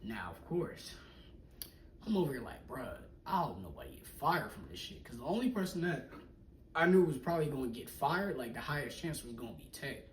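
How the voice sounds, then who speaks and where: A young man casually telling a personal story in slangy talk, acting out what people said and often dropping to a hush. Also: medium pitch, fairly quick. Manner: animated, slangy, acts out quoted people, often drops to a hush. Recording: echoey room, mic at a distance, faint noise.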